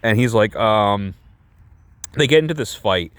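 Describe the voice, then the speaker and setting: A man's voice: on the low side, lively intonation, measured pace, fairly bright tone, no echo. A man reviewing a movie in casual, rambling chat, sarcastic and profane, often restarting his sentences.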